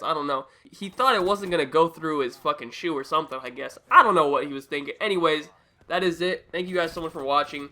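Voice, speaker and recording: Bright-voiced young man telling a story. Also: a little high. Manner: animated, profane, acts out quotes. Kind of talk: casual storytelling.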